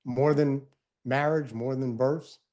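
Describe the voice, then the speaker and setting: A middle-aged man with a mellow, warm tone tells his own story as a guest. He speaks earnestly and reflectively, taking his time and pressing down on the words that matter. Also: medium pitch, fairly even intonation. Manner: reflective, earnest, unhurried with emphatic stresses. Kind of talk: personal storytelling in conversation.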